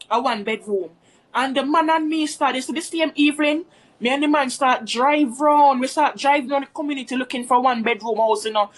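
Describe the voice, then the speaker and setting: A woman telling a rambling, chatty story to her viewers in a casual storytime vlog. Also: high-pitched. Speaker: vlogger.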